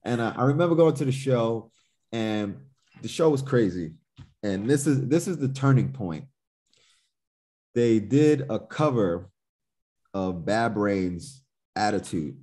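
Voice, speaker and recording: In a relaxed storytelling conversation on a podcast, this Newark, New Jersey musician swears openly and replays his own past reactions. He speaks in a warm, lowish, expressive voice at a measured pace, pausing often.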